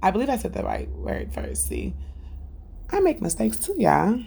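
Woman, middle-aged, podcast host, husky voice, gravelly edge, animated storyteller. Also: medium pitch, moderate pace. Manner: animated storytelling, acts out family dialogue; laughs between thoughts. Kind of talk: unscripted faith podcast talk.

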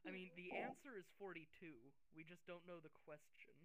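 A man's voice: high-pitched, a little fast, a bit bright, no echo, low-quality recording. A man co-hosting a casual podcast with friends, joking and laughing often. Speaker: podcast co-host. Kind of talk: casual chat among friends.

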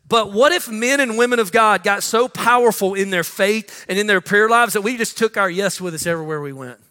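A male pastor preaching a sermon, swinging between loud emphatic lines and hushed ones. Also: high voice, brisk, hardly any pauses. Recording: long reverb with faint music.

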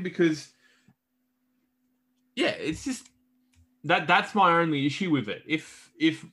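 Bright-voiced blunt Australian man. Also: fairly high pitch, slow, pauses often. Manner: blunt, swears, frequent restarts. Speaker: podcast co-host. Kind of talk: casual sports chat.

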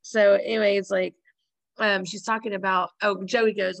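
A woman's voice: mid-range voice, steady tone, moderate pace. A woman co-hosting a casual chat, retelling sitcom scenes with quoted lines and frequent laughter. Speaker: podcast co-host.

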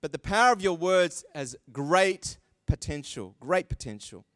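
A man preaching a sermon, animated and acting out quoted voices with self-deprecating asides. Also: on the high side, unhurried, no echo. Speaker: pastor.

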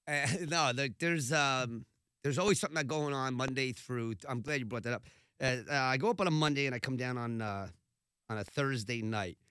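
A man telling stories in a casual chat, animated and laughing, acting out quotes along the way. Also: medium pitch, a little fast, smooth, no echo. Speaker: radio host and podcast guest.

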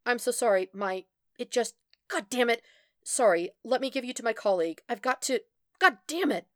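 A woman's voice: fairly low pitch, brisk, darkish tone, clear, resonant tone, dry recording, studio quality, natural voice. A woman doing a flustered young tech guy. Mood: panicked. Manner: apologetic and frantic.

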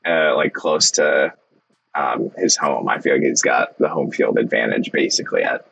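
Casual podcast co-host, man, very deep gravelly voice, husky, laid-back and profane. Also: normal speed, a bit bright, low-quality recording. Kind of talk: casual chat.

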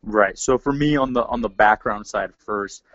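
A man's voice: lowish voice, moderate pace, no echo, highs cut off. A man from Seattle, a podcast guest, talking casually with lots of "you know" and "um". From Seattle, Washington. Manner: relaxed, many fillers like "you know" and "um". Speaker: interview guest. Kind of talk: casual interview.

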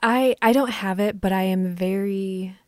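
A chatty woman co-hosts a film podcast and laughs easily between her points. Her voice sits at a medium pitch. The recording is dry and close-miked. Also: fairly even intonation, a little slow, no room sound. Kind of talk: casual film chat.

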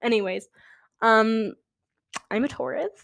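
A woman's voice: on the high side, unhurried, creaky, fairly bright tone. A young woman hosting a podcast, talking casually on her own in a chatty, rambling way with dramatic asides. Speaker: podcast host. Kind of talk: casual solo chat.

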